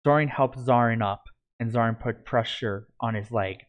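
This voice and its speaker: A man's voice: lowish voice, fairly even intonation, normal speed, few pauses. Male storyteller reading with frequent restarts. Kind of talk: reading his own story aloud.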